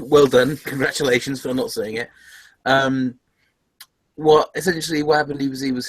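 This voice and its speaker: Giggly podcast host, dry sound. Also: male voice, mid-range voice, a bit bright, dry recording, rough recording. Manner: giggly, stumbling restarts. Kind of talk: casual chat.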